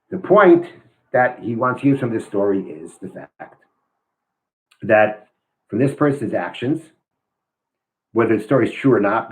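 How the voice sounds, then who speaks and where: A man leads a weekly class on the Torah portion, explaining a point step by step. He reads passages from a book and thinks aloud as he goes. His voice sits at an ordinary pitch for a man. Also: poor audio. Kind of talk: explanatory lesson with read-aloud story.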